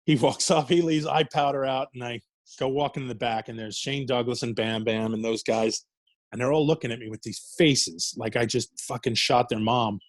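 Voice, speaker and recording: Man, middle-aged, from New York, profane rambling storyteller, medium pitch, dry recording. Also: fairly even intonation, normal speed, dry recording. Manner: profane, laughing, rambling anecdotes. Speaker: wrestler guest. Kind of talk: casual storytelling interview.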